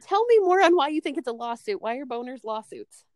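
A woman co-hosting a podcast in casual chat, animated and swearing freely, often acting out scenes. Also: high voice, brisk, no room sound. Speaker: podcast co-host.

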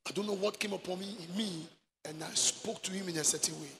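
A man preaching a sermon as pastor, mixing Twi and English and shouting for emphasis. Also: sits high, brisk. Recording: echoey hall with faint noise.

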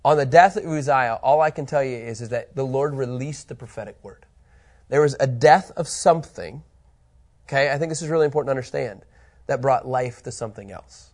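A man teaching a Bible study, animated and emphatic, reading scripture aloud with building intensity. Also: medium pitch, fairly quick.

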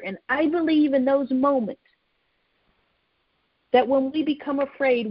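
Long pauses punctuate the earnest sermon of a high-voiced woman speaking a little slowly. She circles back over her phrases and often starts sentences over, all in muffled, lo-fi sound.

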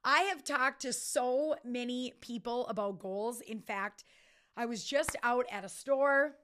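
A woman with a slightly high voice hosts a motivational podcast. She talks with energy and drives each point home by repeating it with emphasis. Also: a little slow, fairly bright tone. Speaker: podcast host.

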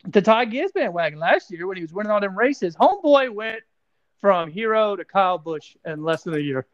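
High-voiced, teasing man on a dull mic. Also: big pitch swings, brisk. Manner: teasing, hype-man energy. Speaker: podcast co-host. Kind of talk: casual podcast chat.

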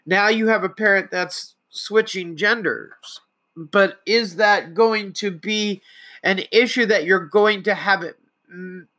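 A middle-aged trans woman talks through her solo podcast in a conversational, reflective way. Her voice has a bright, forward tone and sits at a middling pitch. She often acts out little quoted exchanges as she goes. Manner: conversational, reflective, with frequent restarts and acted-out quotes. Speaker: podcast host.

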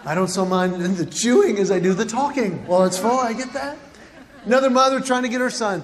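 A man's voice: high voice, fairly quick, a little hiss or hum. A man performing a stand-up comedy routine, animatedly acting out moms and kids as he tells stories. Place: large hall with live audience. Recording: reverberant hall, faint ambience.

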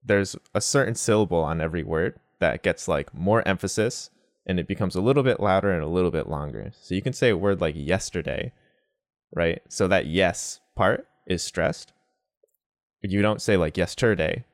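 A man teaching pronunciation in a casual lesson, explaining slowly with examples and mixing in Japanese words. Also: low-pitched, no room sound, clean studio sound. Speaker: language teacher.

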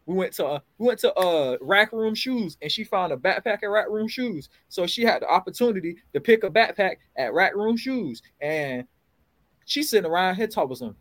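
A man co-hosting a podcast, telling animated, profane stories in casual chat. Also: high voice, normal speed, no echo, low-quality recording. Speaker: podcast co-host.

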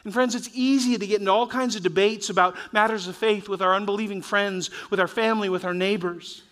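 Male pastor, high voice, earnest and urging, rises and drops between loud and soft. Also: fairly even intonation, a little fast. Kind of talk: sermon.

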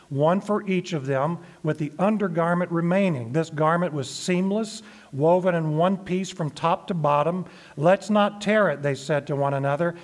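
A man preaching a sermon, reading scripture aloud and explaining it in a measured way, slowing down to stress the verses. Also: a little high. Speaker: pastor.

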